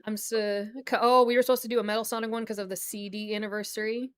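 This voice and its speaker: A woman's voice: medium pitch, level tone, quick pace, clean tone. A young American woman chatting casually on a livestream as a VTuber, rambling with lots of fillers and frequent laughter. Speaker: VTuber streamer.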